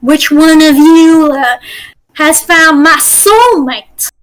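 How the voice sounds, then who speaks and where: A woman voicing a flirtatious southern belle looking for her soulmate, with a put-on American Southern accent and a slow, drawling sing-song delivery. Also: sits high, lively intonation, low-quality recording. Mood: flirty.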